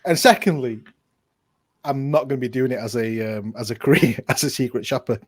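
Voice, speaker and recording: A man's voice: medium pitch, brisk. A young man co-hosting a casual advice podcast, joking around with cheeky, mock-stern banter. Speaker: podcast co-host.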